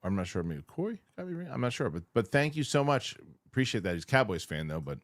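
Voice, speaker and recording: A man hosting a casual panel chat, reading viewer comments aloud in a chatty, animated way. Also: mid-range voice, quick pace, dry recording, clean studio sound.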